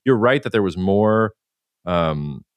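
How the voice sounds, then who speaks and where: A man co-hosting a casual podcast, talking in a quick, rambling, jokey way. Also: fairly low pitch, expressive, smooth, no echo. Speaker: podcast co-host. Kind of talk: casual geopolitical chat.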